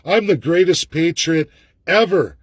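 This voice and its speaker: A man's voice: a little high, a little slow, husky, dry recording. A Canadian man, a political candidate, giving a fervent, repetitive ranting video monologue with urgent appeals.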